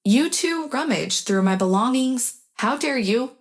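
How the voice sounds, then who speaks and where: A woman's voice: fairly high pitch, animated, measured pace, pitched above the performer's own voice. A woman voicing a scheming middle-aged stepfather who talks in a scornful, dismissive way. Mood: indignant.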